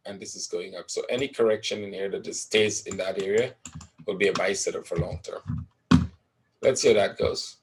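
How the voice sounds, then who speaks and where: A man with a lowish voice talks through price charts at his computer, explaining setups in a loose conversational way and dropping a "right?" now and then. Faint clicks and soft typing sit under his voice, and a light hiss hangs in the background. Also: creaky. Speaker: forex trading educator. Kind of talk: live trading webinar commentary over charts.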